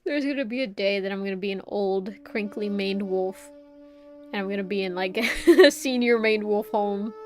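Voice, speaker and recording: A woman's voice: mid-range voice, normal speed, darkish tone. A young adult woman streaming a game, chatting casually, reading chat aloud and laughing often. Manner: giggly, playful, reads chat aloud.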